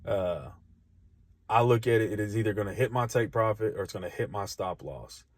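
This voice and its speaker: A man with a lowish voice talks candidly to camera in a casual vlog, often restarting his sentences. The recording is close and dry, with no room sound. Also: a little fast, no echo. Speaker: trader documenting his journey.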